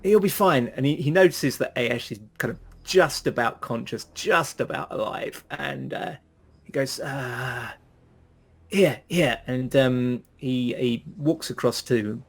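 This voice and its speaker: A man's voice: medium pitch, unhurried, gravelly. A man running a tabletop game as game master, narrating with many hesitant fillers.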